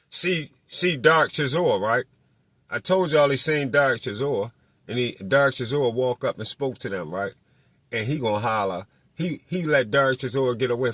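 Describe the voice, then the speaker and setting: A man's voice: medium pitch, no room sound. Guy with going off about boxing, cussing, dry close sound. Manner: animated, profane, mocks people in put-on voices. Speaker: boxing commentator. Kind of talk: casual monologue.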